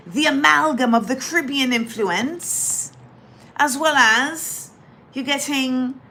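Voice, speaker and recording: A woman's voice: a little high, sharp tone, a little hiss or hum. A woman hosting a casual livestream, chatting playfully with viewers, reading their comments and laughing as she goes. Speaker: livestream host.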